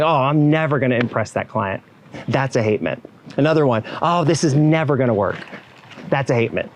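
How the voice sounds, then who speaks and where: Animated man giving a motivational keynote. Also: on the high side, slight background noise, poor audio. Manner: animated, acts out quoted inner voices and clients; talks straight to the audience with frequent asides. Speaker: keynote speaker at a wedding professionals' event.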